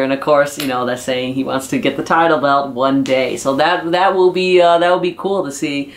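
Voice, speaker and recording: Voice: medium pitch, steady tone, moderate pace, hardly any pauses. A YouTuber casually recapping a wrestling show, chatty, with many fillers and restarts.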